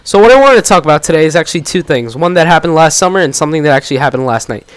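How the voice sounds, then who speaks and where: A man's voice: a little high, animated, racing, clean tone, no room sound. A teenage guy hosting his own channel, telling a long story in a rambling way, full of fillers and restarts. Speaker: gaming channel host. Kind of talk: casual storytelling commentary.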